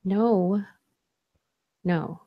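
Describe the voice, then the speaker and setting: A woman's voice: medium pitch, drawn-out words, highs cut off. A woman co-hosting a podcast in casual pre-show banter, emphatic and playfully indignant. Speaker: podcast co-host.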